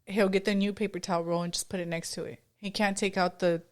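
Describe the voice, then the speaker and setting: A woman who is a mother, co-hosting a casual podcast chat in an expressive, chatty way and slipping in a few Spanish words. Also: mid-range voice, fast talker. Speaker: podcast co-host.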